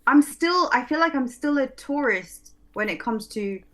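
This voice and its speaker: Hesitant, soft-spoken woman guest. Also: high-pitched, lively intonation, unhurried, a little hiss or hum. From lives in London. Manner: hesitant, many ums and restarts, laughing softly. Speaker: guest, English teacher. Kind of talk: casual interview chat.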